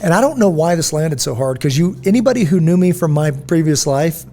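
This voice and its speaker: A man's voice: a little high, brisk. A middle-aged man hosting a casual podcast conversation, telling stories and acting out quoted voices. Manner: storytelling, animated, acts out quotes. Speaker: podcast host.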